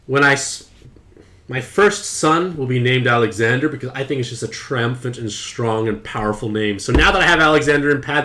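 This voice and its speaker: A young man chatting playfully to his viewers while streaming a mobile game, with excited outbursts. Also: medium pitch. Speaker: gaming streamer. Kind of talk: casual game commentary to live chat.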